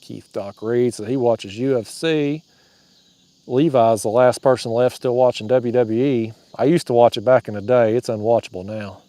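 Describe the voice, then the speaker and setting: A man's voice: medium pitch, steady tone, normal speed, dark tone, no room sound. Guy livestreaming from his kayak at night, drawling and joking, dry close sound, crickets chirping around him. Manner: drawling, joking, laughs at his own jokes. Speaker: fishing livestream host. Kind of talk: casual livestream chat reading comments. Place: outdoors on a kayak on a river at night.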